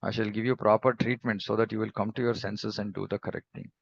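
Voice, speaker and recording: A man's voice: lowish voice, level tone, fast, creaky, lo-fi sound. A man voicing an angry, proud king who scolds his carrier in a commanding tone, read aloud within a scripture class. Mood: scolding.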